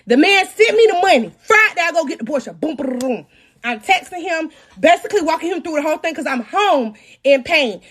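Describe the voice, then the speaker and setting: A woman in her thirties, casually telling a story to her audience, animated, with her voice swinging from low mutters to loud outbursts. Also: brisk. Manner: talks to her audience directly. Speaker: storytelling podcast host.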